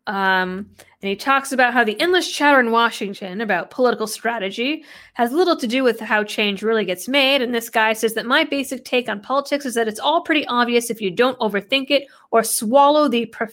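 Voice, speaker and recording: A woman talks through an article on her own, reading out quotes and then answering them with skeptical, sarcastic asides. Her voice sits a little on the high side for a woman, and she keeps up a steady commentary. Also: brisk. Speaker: political commentator. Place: New England background.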